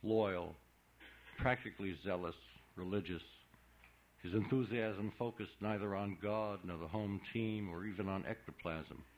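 A man narrating a novel in a measured, deliberate reading. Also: lowish voice, lo-fi sound, slight background noise. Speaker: audiobook narrator. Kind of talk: scripted narration.

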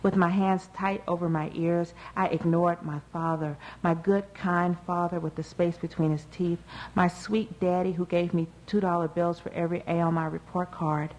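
A woman reading a first-person novel aloud in a measured, even way. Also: fairly low pitch, dull audio. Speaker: audiobook narrator. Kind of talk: first-person literary narration.

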